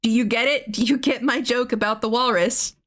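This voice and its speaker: A woman's voice: a little high, fairly even intonation, fairly quick, a bit bright. A woman streamer casually recapping a movie plot, rambling with restarts, swearing and laughing at her own jokes.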